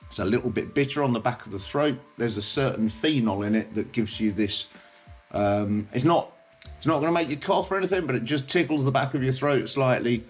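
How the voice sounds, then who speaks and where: A man's voice: mid-range voice, brisk, faint music behind. A man with a British accent hosting a casual explainer, talking in a chatty way and often checking in with the listener. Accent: British English. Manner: chatty, checks in with tag questions like okay and yeah. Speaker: host.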